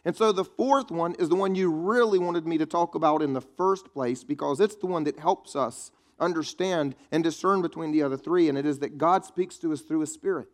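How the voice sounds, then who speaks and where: Male pastor, somewhat high voice, casual joking sermon delivery. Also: brisk, few pauses. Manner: conversational preaching with quips to the congregation.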